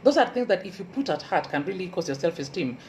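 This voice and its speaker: A woman with a Kenyan Luo accent, a university lecturer giving an earnest motivational talk and repeating key advice slowly for emphasis. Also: fairly low pitch, big pitch swings, a little mellow, slight background noise, poor audio.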